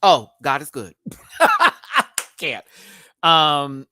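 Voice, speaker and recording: A woman's voice: deep voice, animated, drawn-out words, sharp tone. A woman from the States, chatting and laughing often as she reviews a TV episode live from a home setup with a ring light. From Southern United States. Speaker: TV show reviewer.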